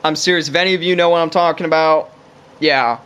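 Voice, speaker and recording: A man's voice: on the high side, fairly even intonation, quick pace, fairly bright tone, clean tone. A man talking to camera in a casual ranting monologue, rambling and profane, with lots of fillers. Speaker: vlogger.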